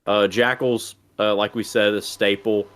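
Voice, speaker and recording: Laid-back low-voiced man, Southern US accent. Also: flat delivery, a little slow, a bit bright. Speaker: podcast co-host. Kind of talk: casual chat.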